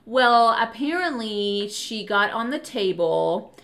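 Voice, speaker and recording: A woman chatting as a podcast guest, her tone bright and a little sharp. She tells stories animatedly and laughs her way through the funny parts. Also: fairly low pitch, measured pace. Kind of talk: casual storytelling chat.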